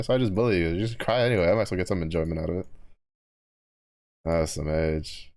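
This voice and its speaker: A man's voice: fairly low pitch, brisk, darkish tone. A man streaming a game live, chatting casually with his viewers, swearing and teasing them. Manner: profane, teasing banter with chat. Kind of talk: casual live-stream chat while gaming.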